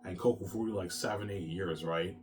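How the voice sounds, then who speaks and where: Deep-voiced man rambling with stammering restarts. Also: brisk, slight background noise. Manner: repetitive, profane, stammering restarts. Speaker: vlogger. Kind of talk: rambling personal monologue.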